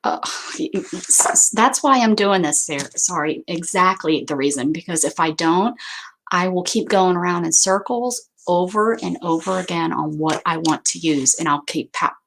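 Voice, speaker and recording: A woman's voice: fairly low pitch, moderate pace, vocal fry, fairly bright tone, poor audio. A woman hosting a crafting video, chatting casually to viewers and thinking aloud as she sorts paper. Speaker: craft channel host. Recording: noticeable background noise.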